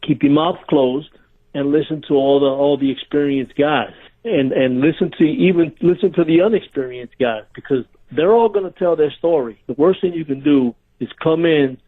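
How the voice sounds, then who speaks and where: A man's voice: on the high side, moderate pace. A man, a former pro wrestler, telling backstage stories in a casual interview, laughing as he goes. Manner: animated storyteller, laughing through his stories. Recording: tinny phone-line audio.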